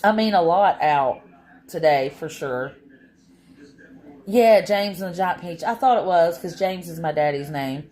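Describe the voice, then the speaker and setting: A woman's voice: lowish voice, darkish tone. A woman, chatting casually and rambling with her live-stream viewers from home, worn out after a long day. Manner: rambling, drawn-out, tired.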